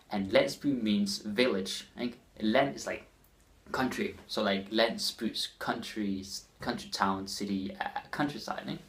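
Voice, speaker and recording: A man with a Danish accent teaching his language in a casual lesson, repeating phrases slowly for learners. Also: lowish voice. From Denmark.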